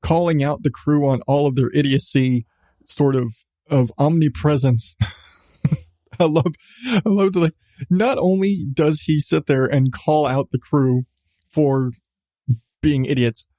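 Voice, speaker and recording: A man's voice: fairly high pitch, a little slow, long pauses, mellow, no echo, studio quality. A male podcast host in casual chat, enthusiastic about what he reviews, laughing often and restarting his sentences.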